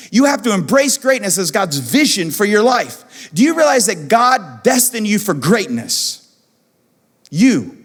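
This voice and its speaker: Man, pastor, lively high-pitched sermon voice, repeats lines for emphasis, long hall reverb. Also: husky. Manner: animated, repeats phrases for emphasis. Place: church auditorium.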